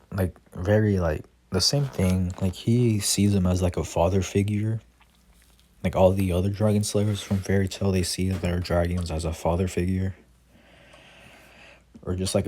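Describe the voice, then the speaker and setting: A man's voice: deep voice, a little hiss or hum. A young man casually retelling his own fan story, rambling with many fillers and restarts. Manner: reads character lines quietly without voices.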